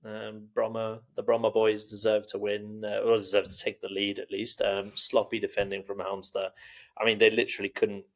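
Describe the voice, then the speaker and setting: A man talking football on a podcast in a low, gravelly voice. He rambles loosely, full of fillers, and drops dry jokes as he goes. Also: completely flat delivery, normal speed. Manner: rambling, jokey, heavy on fillers. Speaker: podcast co-host. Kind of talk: casual football chat.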